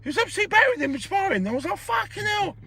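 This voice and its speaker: A man's voice: very high-pitched, rapid-fire. A man hosting a casual boxing chat, blunt and repetitive, swearing freely. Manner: animated, blunt, swears freely, repeats himself. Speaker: host.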